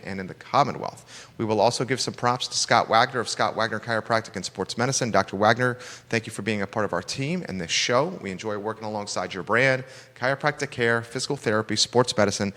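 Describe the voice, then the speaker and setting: Bright-voiced upbeat male host. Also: fairly low pitch, long reverb tail. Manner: upbeat, enthusiastic interviewer. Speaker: show host. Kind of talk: local business talk show. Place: studio with cameras.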